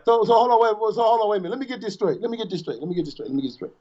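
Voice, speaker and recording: A man's voice: high-pitched, very fast, mellow. A man co-hosting a podcast in casual chat, mocking and playful. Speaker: podcast co-host. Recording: dull lo-fi audio.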